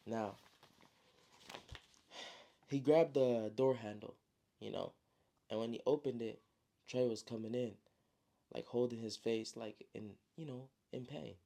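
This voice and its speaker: Gravelly man telling a story casually. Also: medium pitch, unhurried, long pauses. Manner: slangy, relaxed, many "you know" fillers. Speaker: storyteller and author. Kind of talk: casual spoken retelling of his novel.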